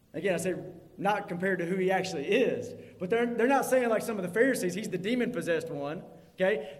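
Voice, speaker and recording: A man preaching a sermon as pastor, emphatic and rising to fervent peaks before dropping low. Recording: long hall reverb.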